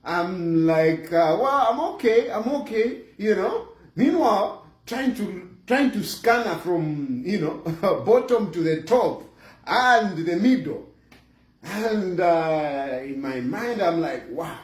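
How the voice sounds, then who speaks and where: A middle-aged Zambian man with a Zambian accent telling a comic personal story, animated and chuckling, with lots of fillers. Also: high voice, slow pace. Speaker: vlogger. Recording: roomy echo.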